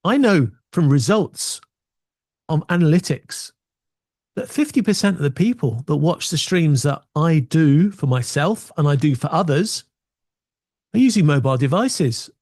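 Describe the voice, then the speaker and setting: A man's voice: on the high side, animated, measured pace, a little mellow, no room sound. A man giving casual, opinionated tech talk from his small home studio, full of wry asides. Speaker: video tech presenter.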